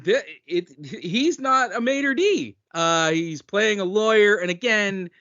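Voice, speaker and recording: A man doing a flustered film director, stammering through every sentence in a slightly high voice. The audio is dry and dull, like a lo-fi podcast. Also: lively intonation, slow, sharp tone, no room sound, heavily acted. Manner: stammering, flustered, many restarts.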